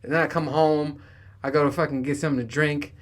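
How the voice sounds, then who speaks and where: A man's voice: fairly high pitch, fairly even intonation, fast. A man in his thirties hosting a solo podcast, chatting casually in a rambling, profane way and laughing often. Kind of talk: casual monologue.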